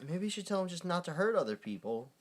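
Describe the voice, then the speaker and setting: Man with a lively voice making dry asides. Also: fast, a crowd in the background. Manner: short agreeing replies, dry asides, lively pitch. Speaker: podcast co-host. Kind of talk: casual movie recap chat.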